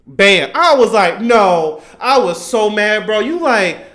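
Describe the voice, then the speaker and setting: A young man with a high, light voice tells a rambling, excitable story about a cartoon scene. He keeps jumping in to act out what the characters said, and he circles back over his own points. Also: measured pace. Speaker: YouTuber reacting to anime. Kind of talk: casual animated storytelling.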